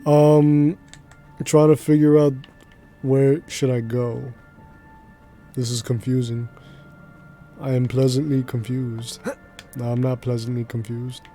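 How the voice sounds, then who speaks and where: Flat, mellow-voiced male streamer chatting. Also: medium pitch, takes it slowly, pauses often, soft background music. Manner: rambling, slangy, laughs easily. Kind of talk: casual chat while gaming.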